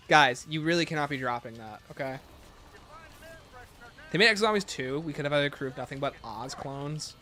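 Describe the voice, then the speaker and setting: A young man running a livestream, tossing off jokes and rambling banter at his chat. His voice is bright and higher than most men's, bouncing all over in pitch, with faint game music behind it. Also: animated, a little fast, pauses often. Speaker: gaming livestreamer. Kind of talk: casual livestream commentary.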